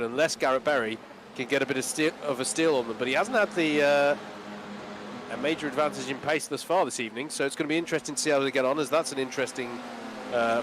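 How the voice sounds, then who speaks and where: Male co-commentator, mid-pitched, easygoing analysis over clear race-car noise. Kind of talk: live sim-racing colour commentary.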